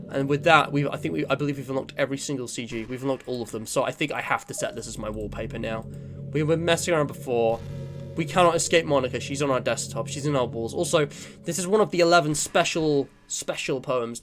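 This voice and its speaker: A man hosting a let's play, chatting casually and thinking aloud, moving between hushed remarks and upbeat sign-off energy. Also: mid-range voice. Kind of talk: casual gameplay commentary.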